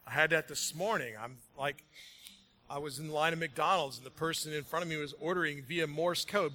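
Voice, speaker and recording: Bright, lively man preaching. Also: fairly high pitch, moderate pace, a little hiss or hum. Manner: energetic, conversational, jokey. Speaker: pastor. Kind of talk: sermon. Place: large room with congregation.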